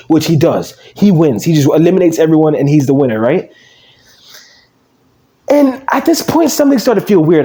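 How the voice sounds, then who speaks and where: Male YouTuber, mocking rant; mellow tone, slightly raised pitch. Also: expressive, moderate pace. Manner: mocking, quotes fans in whiny voices, laughs. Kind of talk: ranting commentary.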